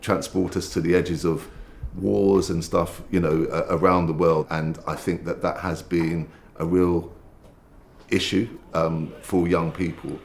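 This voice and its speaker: A man's voice: low-pitched, little pitch movement, unhurried, creaky, slight background noise. A man who works with young people, explaining earnestly in a documentary interview. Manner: earnest, explanatory, some fillers.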